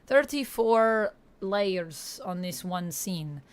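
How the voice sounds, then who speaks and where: A woman's voice: mid-range voice, expressive, drawn-out words. A woman livestreaming a game on a headset mic, chatting playfully with viewers in a put-on Russian accent. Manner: playful, reads chat aloud, mock-serious. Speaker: gaming livestreamer. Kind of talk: casual livestream chat.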